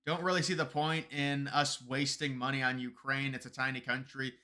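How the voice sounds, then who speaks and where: A man's voice: mid-range voice, flat delivery, moderate pace, pushed and bright. A man live streaming political commentary while answering viewer chat, argumentative and emphatic, often restarting and repeating words. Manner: argumentative, gets heated and emphatic.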